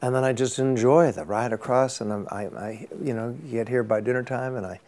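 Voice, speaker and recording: A man's voice: mid-range voice, fairly even intonation, brisk, darkish tone. An older man, an actor as interview guest, telling rambling anecdotes in a casual chat and often repeating words.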